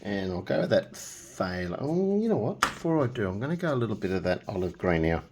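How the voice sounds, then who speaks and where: A man's voice: on the low side, sing-song, brisk, background noise. A middle-aged man hosting a casual painting tutorial, chatting and joking as he works and humming nonsense tunes. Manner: chatty, jokey, hums nonsense tunes while working.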